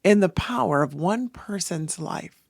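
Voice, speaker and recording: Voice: medium pitch, animated, unhurried, vocal fry, dry recording, clean studio sound. A podcast host speaking in a personal, reflective monologue, earnest and emotional, rambling through thoughts with restarts.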